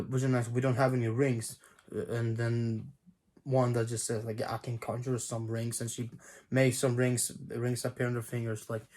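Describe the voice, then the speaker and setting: A young man giving a casual spoken review, rambling and hesitant, often clearing his throat between thoughts. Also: mid-range voice. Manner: rambling, hesitant, many fillers and restarts, frequent throat clearing. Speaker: video reviewer.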